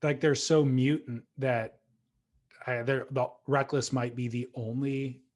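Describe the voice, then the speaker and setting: A man's voice: mid-range voice, flat delivery, unhurried. A man co-hosting a podcast in casual chat, enthusiastic and given to teasing banter. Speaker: podcast co-host.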